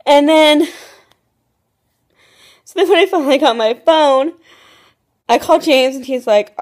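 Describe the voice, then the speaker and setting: Young woman vlogger, pitched a bit high, chatty and rambling with lots of fillers, recorded on a phone. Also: a little slow, pauses often. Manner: rambling storytelling full of "like" and restarts. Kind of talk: casual chatty vlog. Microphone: phone camera.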